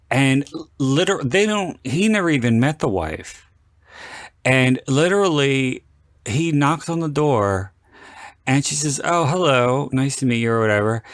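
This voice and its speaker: A man hosting a podcast, chatting casually about a film and acting out scenes with lively, sweary retellings. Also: mid-range voice, no room sound. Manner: animated storyteller, acts out quoted lines with swearing. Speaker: podcast host. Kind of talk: casual film commentary chat.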